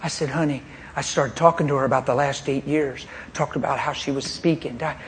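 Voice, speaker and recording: A man's voice: medium pitch, steady tone, a little fast, a little hiss or hum. A man preaching a testimony in a pointed, straight-talking way, telling his story with animation and frequent laughter. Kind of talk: sermon testimony.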